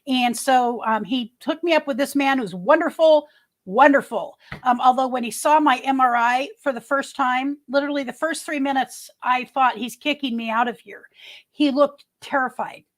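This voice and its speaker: A woman's voice: sits high, moderate pace. A middle-aged woman hosting a casual livestream, chatting with viewers in a rambling way, restarting her sentences often. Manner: greets viewers by name. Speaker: livestream host. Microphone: webcam.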